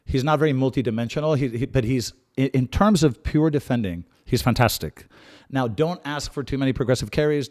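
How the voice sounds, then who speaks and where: Hosting a live watch-along of a match, this talkative man gives fan commentary, shifting from calm tactical breakdowns to abrupt bursts of excitement, often repeating himself and starting phrases over. His pitch is medium.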